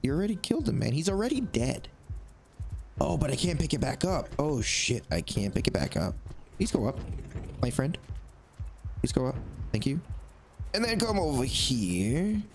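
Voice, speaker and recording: A man giving excitable let's play commentary, talking to the creatures on screen as he plays. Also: on the high side, moderate pace, long pauses, over music. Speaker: gaming YouTuber.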